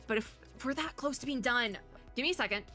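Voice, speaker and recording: Bright-voiced young woman gaming. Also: fairly high pitch, brisk, faint music behind. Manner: chatty, rambling, laughs often. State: losing her voice. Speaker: gaming content creator. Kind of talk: casual let's-play commentary.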